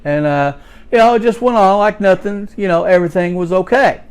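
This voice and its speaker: A man's voice: high-pitched, a little fast, clean tone, close to an everyday voice. A man, playing a folksy redneck working man in a rambling comedic monologue, stammering as he tells his story.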